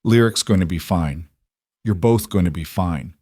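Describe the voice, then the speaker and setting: A scared young father speaking gently to his wife and newborn, his voice soft and cracking, read by a man with a low, dry voice. A tender figure in a narrated drama story. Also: moderate pace, slightly rough, no room sound. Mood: comforting. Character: frightened young father holding his wife's hand.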